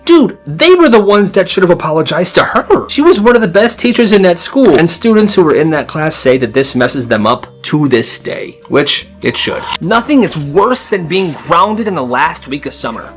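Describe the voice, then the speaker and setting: A man telling stories in a dramatic, animated way, storytime style. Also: a little high, husky. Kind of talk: storytime narration.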